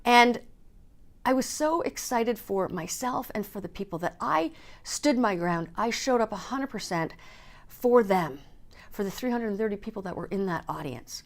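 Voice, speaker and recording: A woman's voice: medium pitch, expressive, moderate pace. A woman in a personal vlog, speaking candidly and emotionally, and swearing casually. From Canada. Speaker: speaker and coach.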